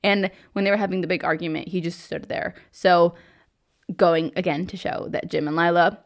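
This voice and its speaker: A woman co-hosting a book club podcast, retelling the plot in casual chat with lots of "like". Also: lowish voice. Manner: chatty, lots of "like", retells plot with quoted lines. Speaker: podcast co-host.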